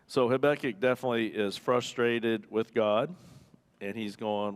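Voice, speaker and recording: A man's voice: mid-range voice, normal speed. A man preaching a conversational sermon as pastor, joking and acting out the people he quotes. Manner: conversational, jokey, acts out quoted voices. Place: church.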